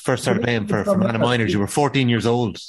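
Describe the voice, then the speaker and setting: A man hosting a football podcast, asking quick, eager questions in casual chat. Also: medium pitch, very animated. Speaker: podcast host.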